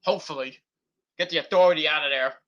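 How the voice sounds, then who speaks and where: A man on a live stream gives a loose, rambling recap of a wrestling show, full of fillers and restarts. His voice sits high and sounds very bright and sharp. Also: fast talker, muffled recording.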